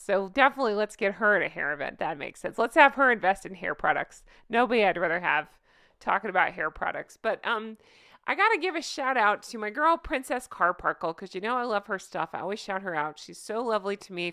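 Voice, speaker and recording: A woman's voice: mid-range voice, sharp tone, dry recording, studio quality. A young adult woman hosting casual commentary, sarcastic and giggly, rambling through asides. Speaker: commentary channel host.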